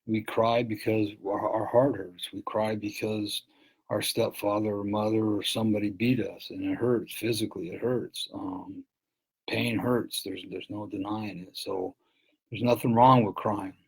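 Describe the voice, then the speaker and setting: An earnest man gives a reflective talk, his low voice gravelly and a little husky. He often restarts and repeats his words as he speaks. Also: fairly even intonation, measured pace, rough recording. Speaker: author and abuse-recovery speaker.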